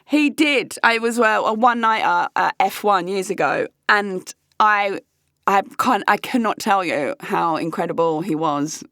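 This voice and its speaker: A woman's voice: mid-range voice, lively intonation, a little slow, a bit bright, no echo, clean studio sound. A woman, talking frankly and casually to her viewers and swearing freely. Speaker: host. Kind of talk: candid casual chat.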